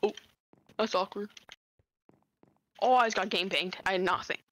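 A young woman chatting with a teammate during a video game, excitable and self-mocking. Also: mid-range voice, moderate pace. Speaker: gaming teammate. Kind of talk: casual gaming chat.

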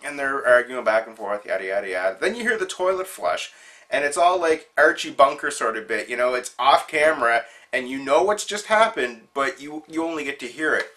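Bright-voiced man telling a story. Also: mid-range voice, a little fast, slight background noise. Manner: amused, chatty, animated storyteller. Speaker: show host. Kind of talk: casual storytelling monologue.

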